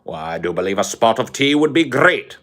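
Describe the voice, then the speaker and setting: A man's voice: lowish voice, big pitch swings, brisk, fairly bright tone. A man doing a pompous posh English gent. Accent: mock posh English. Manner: haughty, blustering, sniffy. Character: pompous upper-class British gentleman host. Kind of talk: comedic impression.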